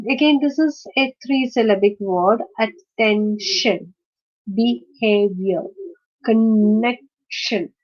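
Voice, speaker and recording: Woman teacher, fairly high voice, hesitant with fillers, slow drawn-out example words, dull lo-fi sound. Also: a little mellow. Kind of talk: explaining word stress in a lecture.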